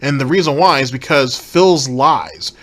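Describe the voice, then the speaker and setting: A man's voice: mid-range voice, a little slow, fairly bright tone. Blunt, profane male commentator. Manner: blunt, profane, emphatic repetition. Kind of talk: reaction commentary.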